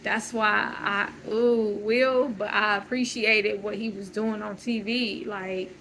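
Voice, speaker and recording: A woman's voice: medium pitch, steady tone, slow, a bit bright, slight background noise, poor audio. A woman talking through a loose, searching personal monologue, full of fillers and restarts. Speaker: channel host.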